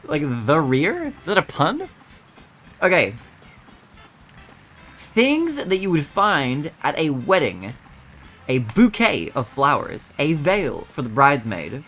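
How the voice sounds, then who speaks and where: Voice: mid-range voice, very animated, takes it slowly, long pauses, fairly bright tone, soft background music. A streamer thinking aloud while solving word puzzles, muttering guesses and laughing often.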